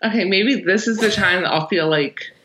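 A woman guest-hosting a casual fan podcast, thoughtful and measured, hedging her opinions. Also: medium pitch, fairly bright tone, a little hiss or hum. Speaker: guest host. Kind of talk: casual chat.

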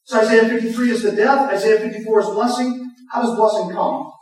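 An earnest man delivers a sermon with emphatic rhetorical questions, his voice a little higher than most men's. He sounds some distance from the microphone, and a heavy echo fills the large hall around him. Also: steady tone, a little fast, a little mellow. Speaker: pastor. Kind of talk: expository sermon. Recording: echoey hall, speaker off the mic.

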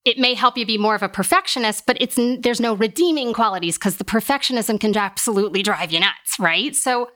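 A woman's voice: fairly high pitch, a little fast, hardly any pauses, a bit bright. A woman who is an occupational therapist and a podcast guest, speaking in a reassuring, emphatic way and often saying "like". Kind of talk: casual interview conversation.

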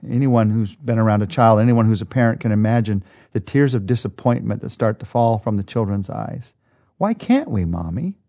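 A man's voice: fairly low pitch, flat delivery, a little fast, hardly any pauses, dark tone. A man teaching a daily Bible study, retelling the passage in an earnest, vivid storytelling way with small restarts.

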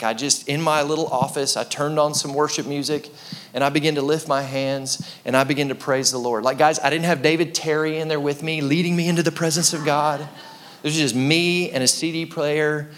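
Male pastor, young adult, somewhat high voice, chatty storytelling sermon with acted-out quotes. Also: a bit bright.

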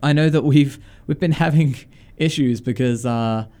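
A man's voice: mid-range voice, moderate pace, warm tone, clear, resonant tone. A man co-hosting a radio chart show, chatty and self-mocking, laughing often. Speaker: radio co-host. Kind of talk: casual radio banter.

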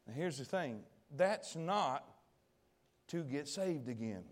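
A man preaching a sermon, telling a story in a folksy, colloquial way, swinging from loud to hushed and asking the audience questions. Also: on the high side, animated, slow pace. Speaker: pastor.

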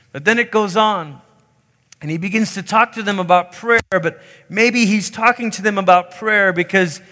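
A man's voice: pushed and bright, in a large hall. A man preaching a sermon, emphatic, lifting his voice when he acts out the pleas he quotes. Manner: emphatic, voicing quoted pleas in a higher pitch. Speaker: pastor.

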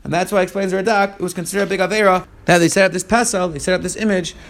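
A man's voice: high-pitched, fairly even intonation, rapid-fire, vocal fry. A man teaching a verse-by-verse text lesson, reading Hebrew verses aloud and then retelling them in casual English. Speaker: Torah teacher.

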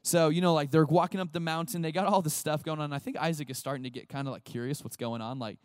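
Chatty youth pastor, man, slightly high voice, dry close sound. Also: fast talker, clear, resonant tone, no room sound. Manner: animated, chatty, acts out voices. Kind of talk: casual youth sermon.

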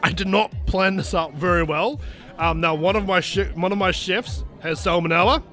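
A man playing a harried male head chef who talks in a brash, rapid, joking way. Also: sits high, fairly bright tone, faint music behind.

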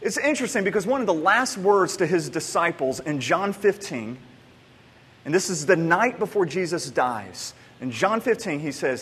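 A man's voice: a little high, lively intonation, moderate pace, a bit bright, breathy edge. A man in his thirties preaching a sermon, telling stories in a loose, conversational way with many restarts. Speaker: pastor. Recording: long hall reverb.

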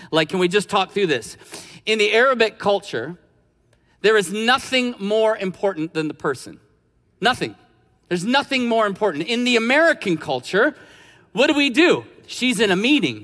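Male pastor, sermon, high voice, conversational then emphatic, long hall reverb. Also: bright, forceful tone. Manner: conversational storytelling, rising to emphatic preaching.

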